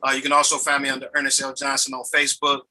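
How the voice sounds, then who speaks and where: A man who is a pastor, talking casually and in a lively, preacherly way on a video call. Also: mid-range voice, very fast, low-quality recording. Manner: animated, preacherly, repeats "you know what I'm saying". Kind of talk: casual chat.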